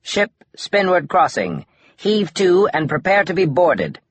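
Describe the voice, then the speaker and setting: A brash, excitable smuggler captain who shouts up high and swings wildly in pitch, as a male narrator puts him on. The husky voice sits dry and close. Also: a little slow, no room sound, full character voice.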